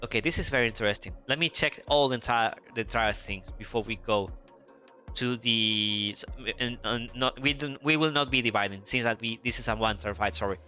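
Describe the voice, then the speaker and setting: Bright-voiced Spanish man commentating. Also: mid-range voice, animated, fairly quick, soft background music. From Spain. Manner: chatty, thinks aloud with restarts and asides to chat. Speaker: esports commentator. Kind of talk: casual flight-sim match commentary.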